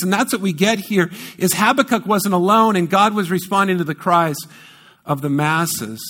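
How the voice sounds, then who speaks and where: A man preaching a sermon, emphatic and conversational, repeating key words for stress and correcting himself in quick asides. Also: sits high, fairly bright tone. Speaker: pastor.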